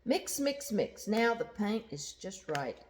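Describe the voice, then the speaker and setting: A woman voicing a fussy middle-aged male house painter in a storybook, speaking firmly and deliberately. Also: mid-range voice, sing-song, soft background music.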